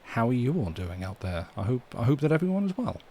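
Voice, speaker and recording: A man from the UK, hosting a livestream from home in a soft, rambling, chatty way and reading poetry aloud. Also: mid-range voice, very animated, fast talker. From United Kingdom. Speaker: livestream host. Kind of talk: casual livestream chat and poem reading. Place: home room.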